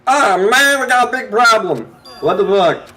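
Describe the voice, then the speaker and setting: Joking young man, bright and lively. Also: high-pitched, soft background music. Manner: joking, profane, quick quips. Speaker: let's play co-host. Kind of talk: casual gaming commentary.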